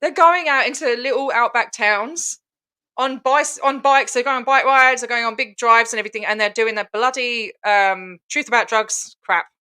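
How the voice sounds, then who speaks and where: A woman with a Scottish accent carrying an Australian twang, talking in a bright, slightly high voice. She chats casually and bluntly on a livestream, laughing often and dropping slang. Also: moderate pace, clear, resonant tone. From Scotland. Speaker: channel host.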